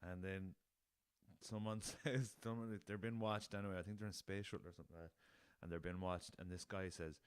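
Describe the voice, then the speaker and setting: Deep-voiced Irish man, casual podcast chat. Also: fairly even intonation, fairly quick, clear, resonant tone, no echo. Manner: laughing at his own jokes, swears freely, rambling. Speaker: podcast host.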